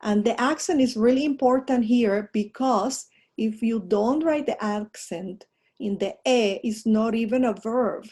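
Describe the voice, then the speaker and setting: A woman's voice: on the high side, unhurried, mellow, breathy edge. A woman teaching a recorded language lesson, explaining in English with spoken examples in another language, often checking in with "right?". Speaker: Italian teacher.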